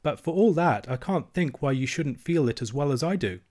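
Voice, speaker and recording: A man's voice: fairly high pitch, expressive, moderate pace, a little mellow, pitched above the performer's own voice. An earnest young princess girl insists and pleads in a lifted, eager voice, as a man reading a storybook puts her on. She sounds sure of herself and keeps pressing her point. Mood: insistent. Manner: raised, eager, persistent voice.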